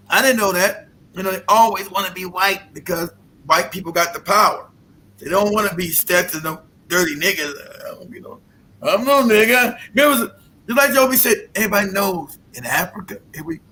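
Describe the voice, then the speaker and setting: A man's voice: sits high, pushed and bright, a little hiss or hum, low-quality recording. A man hosting a podcast, talking in a casual, profane and mocking rant and laughing often. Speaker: podcast host.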